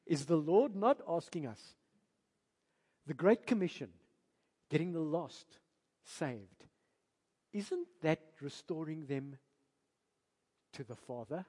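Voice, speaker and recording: A man with a South African accent preaching a sermon as a pastor, emphatic and animated, firing rhetorical questions at his congregation. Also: fairly high pitch, slow pace, pauses often, breathy edge. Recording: long reverb of a large hall.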